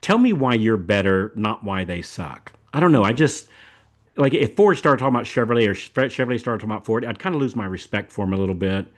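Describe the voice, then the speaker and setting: Older man from the American South hosts a podcast in a loose, folksy chat. His voice sits a little low, and he rambles with lots of repeated words and restarts. The talk stays easygoing throughout. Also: animated, fast talker. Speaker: podcast host. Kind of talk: casual chat.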